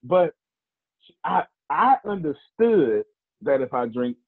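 Slow-paced and husky, a man's voice sits on the high side and swings widely in pitch. He's a motivational speaker whose casual storytelling talk mixes personal stories, jokes, conversational asides and preacher-like moments, recorded on a lo-fi line resembling a phone.

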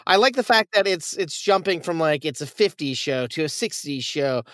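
A man's voice: on the high side, lively intonation, normal speed, sharp tone, dry recording. Male podcast co-host, casual and swearing freely, dry close sound. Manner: loose, profane, enthusiastic. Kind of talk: casual review chat.

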